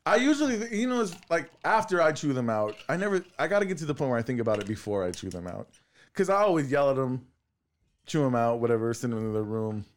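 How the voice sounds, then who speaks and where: A man's voice: medium pitch, big pitch swings, quick pace. A man, co-hosting a casual podcast chat and telling rowdy childhood stories with lots of laughing and swearing. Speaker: podcast co-host.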